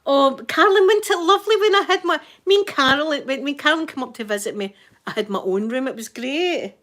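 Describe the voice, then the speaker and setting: A woman's voice: sits high, lively intonation, fast talker, a bit bright. Chatty Glasgow woman, rambling on. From Scotland. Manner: rambling, chatty, with Scots words. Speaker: channel host. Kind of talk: casual livestream chat.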